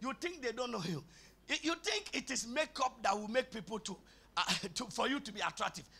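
Brief: high, bright, gravelly male pastor, lively shouted sing-song preaching. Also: fairly quick. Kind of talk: sermon.

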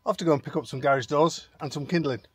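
A man's voice: on the high side, fast talker, a little hiss or hum. A man, talking to camera in a casual, rambling family vlog and poking fun at himself. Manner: rambling and self-mocking, with frequent restarts and chuckles. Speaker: expat family vlogger. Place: in and around a home in rural France.

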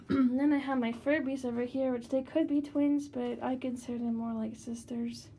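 A woman chatting through a casual tour of her bedroom doll collection. Her voice is fairly high but mellow and soft-edged, with little rise and fall, and she rambles along with many fillers. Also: fairly even intonation, normal speed, a little hiss or hum. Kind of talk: casual room tour vlog.

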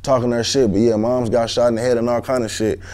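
A young man talks in slangy street speech packed with fillers. His voice is mellow and relaxed, and it sits at a middle pitch. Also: quick pace. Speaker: guest. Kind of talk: street storytelling interview.

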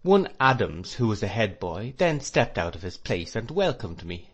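Low-voiced male audiobook narrator. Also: sing-song, normal speed. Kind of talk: scripted narration.

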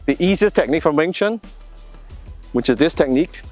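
A man's voice: on the high side, expressive, fairly quick, darkish tone, faint music behind. A man teaching self-defence, talking through each move and directing a training partner as he demonstrates. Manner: gives direct instructions to a partner while demonstrating. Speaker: martial arts instructor.

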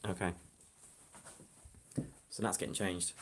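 A man's voice: sits low, little pitch movement, takes it slowly, a bit bright. Casual male stream host, phone-recorded, talkative and joking. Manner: chatty, joking asides to viewers. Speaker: hypnotist livestream host. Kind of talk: casual live-stream chat. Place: flat indoors. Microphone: phone camera.

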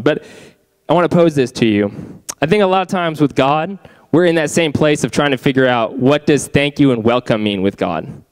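A man's voice: medium pitch, clear, resonant tone. A young man preaching to a youth group, chatty and quizzing the audience with questions. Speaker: youth pastor. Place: youth ministry room.

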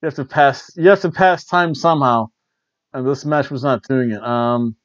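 A man's voice: medium pitch, normal speed, no room sound, muffled recording. A man hosting a wrestling review show, rambling casually with wry asides on a cheap worn lapel mic. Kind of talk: casual chat.

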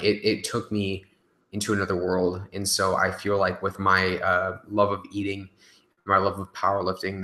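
A man's voice: low-pitched, pushed and bright. A young man chatting casually on his live stream, reading out viewer questions and answering them loosely, with fillers and the odd swear word. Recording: echoey room.

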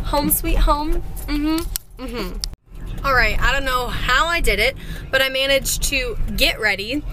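A woman's voice: high voice, noisy background. A young woman vlogging to camera from her car, chatty, flustered and in a rush. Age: young adult. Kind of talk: casual vlog to camera.

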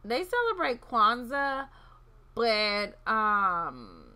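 A woman's voice: on the high side, wildly swooping pitch, very slow, sharp tone. A woman chatting playfully through a life-sim game, talking to her characters as she plays. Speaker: gaming channel host. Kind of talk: casual gameplay commentary.

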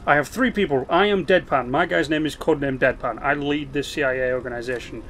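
A man giving casual commentary as he plays a strategy game, explaining its mechanics with quick asides and restarts. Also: mid-range voice, fairly bright tone, slight background noise. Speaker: gaming video host.

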